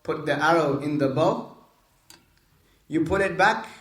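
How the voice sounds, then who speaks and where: A man's voice: a little high, measured pace. A man retelling a hadith story to listeners, repeating phrases, explaining Arabic terms and asking them questions as he goes. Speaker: religious storyteller. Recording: roomy echo.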